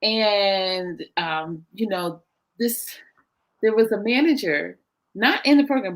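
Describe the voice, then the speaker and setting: A young woman recounts a work story in a casual interview, talking over a video call. She leaps up and down in pitch as she plays out what she and others said, with lively ups and downs in her voice. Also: low-quality recording. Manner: animated, acts out her own quoted lines. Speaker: interview guest.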